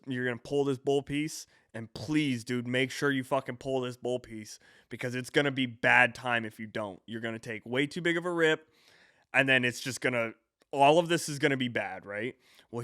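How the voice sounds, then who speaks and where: Rambling, profane young man, smooth voice. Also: mid-range voice, fairly bright tone, no echo, clean studio sound. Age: 20s. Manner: rambling, profane, self-correcting storyteller. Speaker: podcast host. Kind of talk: casual storytelling monologue.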